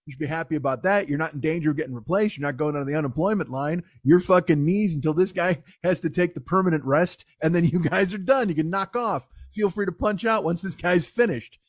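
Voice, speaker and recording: High-voiced man riffing profanely. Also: fairly quick, hardly any pauses, dry recording, studio quality. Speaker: podcast host. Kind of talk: comedic monologue.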